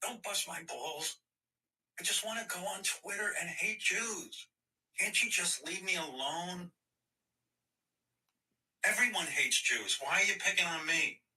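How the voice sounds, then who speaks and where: A man's voice: high-pitched, measured pace, pauses often, bright, forceful tone, distant mic, pitched above the performer's own voice, full character voice, low-quality recording. A man doing a mocking, exaggerated impression of a petulant young man, heard from a clip played back. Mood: whiny.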